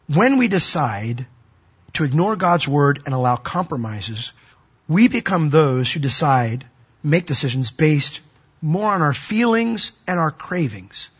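Animated husky male preacher. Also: fairly high pitch, lo-fi sound. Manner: animated preaching, voice rising and dropping to a hush. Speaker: pastor. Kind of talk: sermon.

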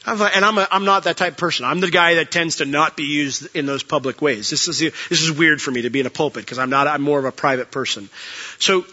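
Fast-talking bright-voiced male preacher. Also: fairly high pitch, steady tone, highs cut off. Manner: earnest storytelling, frequent restarts. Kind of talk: sermon with personal stories and closing prayer. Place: church pulpit.

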